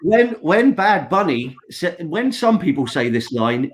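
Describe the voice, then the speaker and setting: A man's voice: a little high, very animated, a little slow, poor audio. A man co-hosting a wrestling podcast, chatting casually and mocking quotes in put-on voices. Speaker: podcast co-host.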